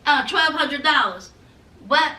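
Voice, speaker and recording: Sassy high-voiced woman recapping reality TV. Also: animated, slow pace, sharp tone, echoey room, far from the mic. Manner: sassy and chatty, addressing viewers as y'all and honey; acts out quotes with big swings in pitch and volume. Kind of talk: casual recap commentary.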